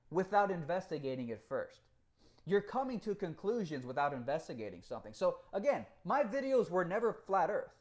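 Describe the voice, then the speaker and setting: A man from Cuba chats on a live stream, reading out comments and talking animatedly with plenty of profanity and frequent laughter. His pitch is fairly high.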